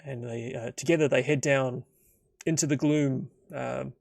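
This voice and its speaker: A man's voice: mid-range voice, fairly even intonation, unhurried, gravelly, dry recording, studio quality, faint music behind. A man narrating and thinking aloud through a solo tabletop game in a casual, rambling way full of fillers.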